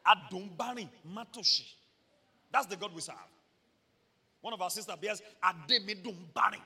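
A Nigerian man preaching a sermon as pastor, animated, shouting at peaks and slipping in humorous stories. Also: sits high, moderate pace, long pauses, slightly rough, long reverb tail.

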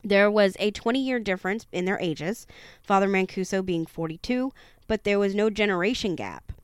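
A woman reads a true-haunting horror book aloud at a steady storytelling pace and normal speed. Her medium-pitched voice is smooth and clean, recorded dry with no room sound. Now and then she stumbles on a word and corrects herself.

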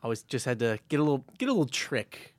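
A man's voice: mid-range voice, fast talker, dry recording. Joking young man co-hosting a sports show. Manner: joking, energetic storyteller. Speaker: podcast co-host. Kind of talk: casual sports chat.

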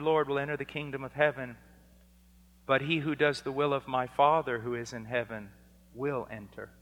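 A man preaching a sermon, impassioned and building to near-shouting on key points. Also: medium pitch. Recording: long reverb of a large hall.

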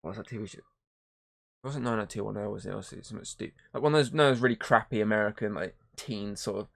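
A man's voice: fairly low pitch, fast talker, gravelly, a bit bright. A man co-hosting a podcast, chatting casually, rambling and swearing as he retells movie scenes. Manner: rambling, swears a lot, acts out scenes in voices. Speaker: podcast co-host. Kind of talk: casual chat.

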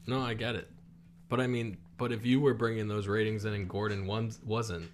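A man co-hosting a podcast, chiming in with quick, lively reactions and banter. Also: on the low side, slight background noise. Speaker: podcast co-host. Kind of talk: joking casual chat.

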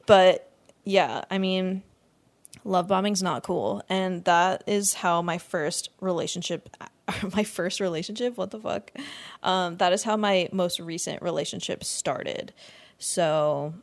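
Woman in her twenties, solo podcast host, casual rambling chat, frequent laughter, lots of swearing, slightly low voice. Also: slow. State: lightheaded from not eating.

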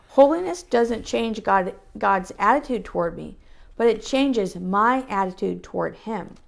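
Woman reading devotional text with vocal fry. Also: mid-range voice. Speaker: reader of a Christian devotional book.

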